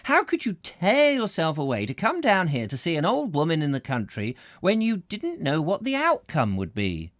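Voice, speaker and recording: An elderly woman full of breathless admiration, as a male reader puts her on. Her voice sits high and swoops with feeling as she presses her point emphatically. The sound is close and dry, with no room around it. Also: wildly swooping pitch, moderate pace, few pauses, fairly bright tone, no room sound. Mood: emphatic. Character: elderly country woman, eager, admiring, fond of spirits.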